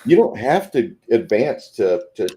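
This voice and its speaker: A man's voice: mid-range voice, very animated, a little slow, dark tone, slight background noise. A man on a video call reading viewer comments and showing miniatures while chatting casually. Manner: reads viewer comments, shows figures on camera. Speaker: co-host. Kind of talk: casual chat about miniatures. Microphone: video call webcam.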